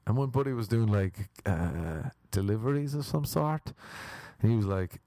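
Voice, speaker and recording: Young male stand-up comic, rambling and mocking, mellow fry-heavy voice. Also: on the low side, lively intonation, moderate pace, no echo. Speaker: stand-up comedian. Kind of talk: stand-up comedy routine.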